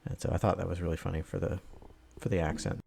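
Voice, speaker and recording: A man's voice: deep voice, little pitch movement, fast talker, creaky, warm tone, slight background noise. A man giving a casual, rambling voice-over for his outdoor vlog, with plenty of filler words. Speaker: vlogger.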